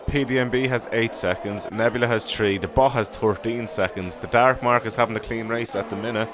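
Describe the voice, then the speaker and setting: An Irish man giving live sim racing commentary in steady, informal play-by-play. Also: medium pitch, brisk, hardly any pauses. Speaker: race commentator. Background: background music.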